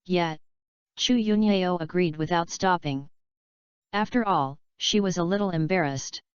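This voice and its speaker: A woman narrating a novel audiobook in an even, unhurried reading voice. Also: on the low side, clear, resonant tone, dry recording. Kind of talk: scripted narration. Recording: dull lo-fi dry recording.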